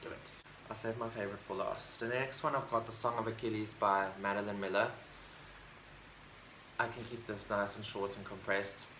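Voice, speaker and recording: A man with a lowish voice talks through his favorite books in a loose, enthusiastic vlog chat, stumbling and restarting as he goes. The room around him rings with echo, and a faint hiss sits underneath. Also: little pitch movement, moderate pace, bright, forceful tone. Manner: rambling, enthusiastic, full of fillers and restarts. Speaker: book vlogger. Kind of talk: casual book review chat. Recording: roomy echo, faint background noise.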